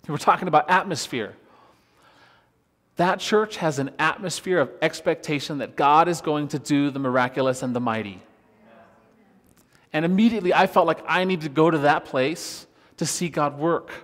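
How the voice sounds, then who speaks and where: A male worship pastor preaching a sermon, telling a personal story with lively, laughing retellings of conversations. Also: fairly high pitch, in a large hall. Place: church.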